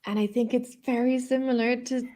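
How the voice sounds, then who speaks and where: A woman's voice: on the high side, steady tone, fairly quick, warm tone. A woman hosting a live online English lesson, patiently explaining and repeating words.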